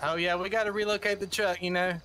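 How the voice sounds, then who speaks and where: A man's voice: high-pitched, level tone, fast talker, sharp tone, a little hiss or hum. A man roleplaying a hard-cursing redneck landlord in a game, talking in an exasperated drawl. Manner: heavy cursing, Southern drawl-style talk, exasperated. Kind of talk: in-character improvised game roleplay.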